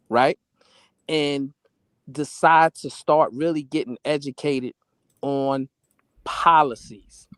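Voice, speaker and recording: Man, mid pitch, measured, lecturing, debate guest, dry close recording. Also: dry recording. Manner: measured and lecturing, calls the other man "my brother". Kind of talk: heated debate.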